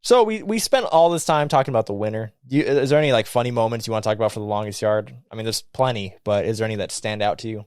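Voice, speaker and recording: A man hosting a casual movie chat, talking in an animated way, acting out quotes and laughing often. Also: lowish voice, fast talker, few pauses, clear, resonant tone, no echo, studio quality. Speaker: podcast host.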